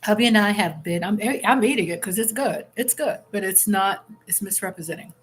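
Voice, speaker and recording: A woman's voice: mid-range voice, brisk, a little hiss or hum. Woman, live-stream host, casual chat at home, candid, chatty, reads out viewer comments.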